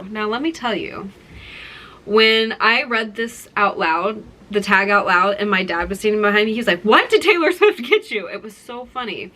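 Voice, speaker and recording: A young woman vlogging in a casual, excited way, gushing and rambling as she shows gifts to her viewers. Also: mid-range voice, rough recording. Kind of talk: casual chat to camera.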